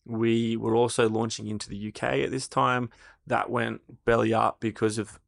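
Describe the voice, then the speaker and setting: Gravelly Australian man telling a candid story. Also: medium pitch, flat delivery, moderate pace, dry recording, studio quality. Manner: candid storyteller, swears casually. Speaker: co-founder of a fragrance brand. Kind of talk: casual interview chat.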